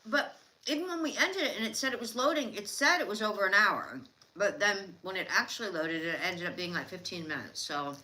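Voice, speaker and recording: A middle-aged woman co-hosts a relaxed livestream and chats in a matter-of-fact way between bites. Her pitch swings widely as she talks, and her voice has a bright, clear ring. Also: fairly quick. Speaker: livestream co-host. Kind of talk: casual livestream chat while eating.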